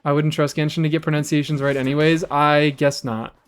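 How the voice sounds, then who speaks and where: A man streaming a game live, chatting casually with his audience in an animated, rambling way and swearing freely. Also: on the high side, brisk.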